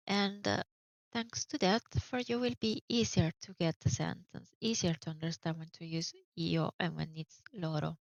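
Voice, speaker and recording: Slow, gravelly woman teacher. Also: fairly low pitch, dry recording. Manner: slow, careful explanations with spelled-out examples. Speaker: Italian teacher. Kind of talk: online grammar lesson. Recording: dull, dry lo-fi audio.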